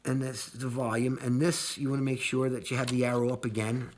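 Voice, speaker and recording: A man's voice: medium pitch, little pitch movement, fairly quick, slight background noise. A man casually walking viewers through a wiring job, rambling, repeating words and cursing when annoyed. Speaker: video host demonstrating an install. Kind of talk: casual how-to walkthrough.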